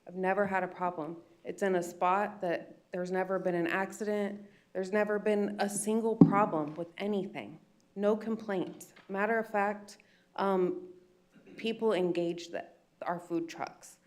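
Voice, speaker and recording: A woman's voice: mid-range voice, steady tone, measured pace, darkish tone. A woman with an American accent, a business owner making an upset, emotional public comment at a county meeting. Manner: upset, pleading, retells phone calls.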